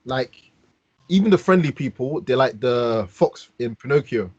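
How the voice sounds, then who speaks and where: A man's voice: medium pitch, expressive, unhurried, no room sound. A man from London with a London accent, animatedly telling stories on a casual podcast, heavy with slang. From London, England. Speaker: podcast host. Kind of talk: casual storytelling. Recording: dull dry podcast mic.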